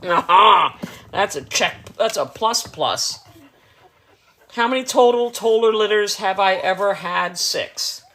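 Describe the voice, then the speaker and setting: A woman's voice: medium pitch, slow pace, a bit bright. A woman dog breeder chatting casually on a livestream, answering viewer comments while tending puppies.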